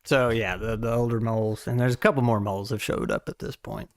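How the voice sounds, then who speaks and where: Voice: medium pitch, big pitch swings, gravelly, no echo. Game master, casual rambling narration, dry close mic. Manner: loose, halting narration with fillers.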